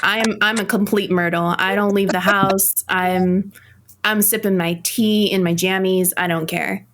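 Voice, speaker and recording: A woman's voice: mid-range voice, steady tone, a little slow, a bit bright. A woman in her thirties co-hosting a podcast, with a young, girlish-sounding voice and a giggly, self-deprecating way of talking. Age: 30s. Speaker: podcast co-host. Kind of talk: casual chat.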